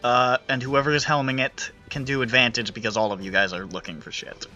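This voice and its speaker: A man's voice: medium pitch, steady tone, fairly quick. A man running a tabletop game as game master, narrating in a loose, casual way. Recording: muffled audio with faint music.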